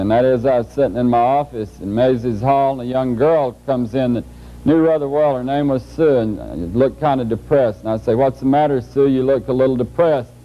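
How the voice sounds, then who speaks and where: Middle-aged lecturer, folksy and joking, mid pitch, muffled old tape. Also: male voice. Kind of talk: humorous lecture to a large audience. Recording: muffled old 1981 videotape.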